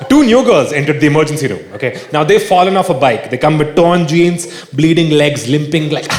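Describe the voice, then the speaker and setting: A man doing stand-up comedy on a theater stage, animated and laughing at his own jokes. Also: a little high, fairly quick. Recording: echoey theater with live audience. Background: audience laughter and crowd noise.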